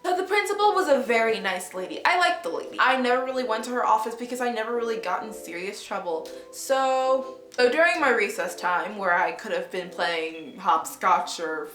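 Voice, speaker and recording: A woman's voice: on the high side, lively intonation, moderate pace, few pauses, a bit bright. A woman vlogger telling a story in a casual, dramatic way, swearing freely. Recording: echoey room, faint music.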